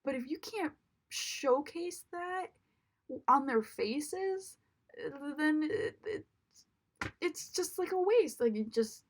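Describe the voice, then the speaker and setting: Young woman ranting casually abt a movie, kinda high voice, lots of likes and ums. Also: animated, slow pace. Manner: chatty, frequent fillers, exasperated complaining. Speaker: movie reviewer. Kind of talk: casual spoken film review.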